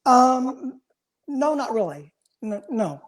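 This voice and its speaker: A man's voice: extremely high pitch, big pitch swings, takes it slowly, crowd noise. A man in his fifties, a guest on a video-call interview, tells long stories in an earnest, casual way. He often repeats a word or two as he gets going, and he speaks frankly and directly. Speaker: interview guest, former pro bodybuilder.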